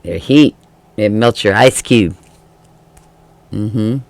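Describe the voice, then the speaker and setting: A man's voice: lowish voice, slow pace, vocal fry, dry recording. A man giving a casual tarot reading, chatty and laughing often, acting out the feelings he describes. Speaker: tarot reader.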